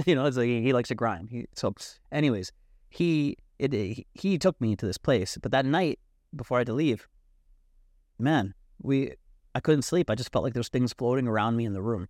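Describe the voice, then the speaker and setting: A man telling a wild personal story as a podcast guest, animated and profane, leaning on "like" a lot. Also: mid-range voice, fairly quick, dry recording, clean studio sound. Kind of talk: casual storytelling.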